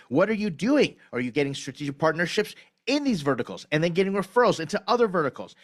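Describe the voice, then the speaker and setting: A man with a slightly higher voice than most, reviewing pitch decks in a blunt, direct way. He punches key words with lively emphasis. The sound is a video call recording. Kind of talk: candid video critique.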